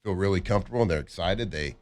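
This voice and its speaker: A deep-voiced man co-hosting sports talk radio in a loose, joking way. He talks things through casually and sometimes acts out what a player might be thinking. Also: lively intonation, racing, darkish tone. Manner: laid-back, joking, acts out players' thoughts.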